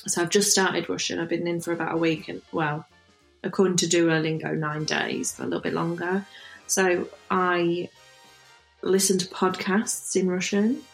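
A woman with a lowish voice co-hosts a casual podcast, talking in loose, rambling stretches. She mumbles her words a bit, laughs often and swears without a second thought, all over a faint bed of music. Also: level tone, moderate pace, vocal fry, rough recording. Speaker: podcast co-host. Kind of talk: casual chat.

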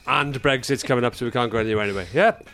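A man's voice: mid-range voice, fairly bright tone. A Welsh man co-hosting a casual comedy podcast, bantering dryly and swearing now and then. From Wales. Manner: dry, joking banter with swearing. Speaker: podcast co-host.

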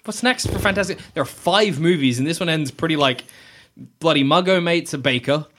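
A man chatting casually about a movie with friends, animated and laughing often. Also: a little high, fairly quick, a little hiss or hum. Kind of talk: casual chat.

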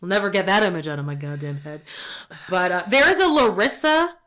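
A woman co-hosting a relaxed podcast conversation. She talks in a loose, chatty way, swears casually and often trails off into fillers before picking her thought back up. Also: fairly low pitch, fairly quick. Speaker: podcast co-host. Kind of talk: casual chat.

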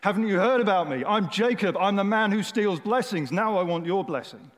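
A man's voice: high-pitched, expressive, brisk, pitched above the performer's own voice. A man playing bold biblical Jacob. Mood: defiant. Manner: bold, insistent. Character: defiant biblical man demanding a blessing. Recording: echoey hall.

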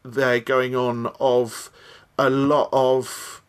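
A man's voice: medium pitch, flat delivery, very slow, smooth. A man in a casual podcast chat, speaking in an opinionated, emphatic way. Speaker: podcast co-host.

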